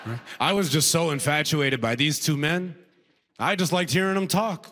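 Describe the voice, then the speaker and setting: A man performing a stand-up set, telling a story in an animated way with frequent "right?" asides. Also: fairly high pitch, moderate pace, big-room sound. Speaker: stand-up comedian.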